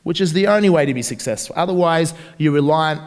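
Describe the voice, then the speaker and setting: An Australian man giving a live seminar, energetic and asking the audience questions. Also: fairly high pitch, quick pace, big-room sound. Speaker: seminar presenter. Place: large hall at a live seminar.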